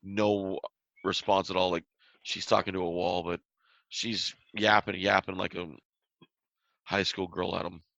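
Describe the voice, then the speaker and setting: A man's voice: low-pitched, level tone, a little slow, vocal fry, long pauses, a bit bright, no room sound, muffled recording. A man narrating a tabletop game as game master, describing scenes in a loose style with restarts.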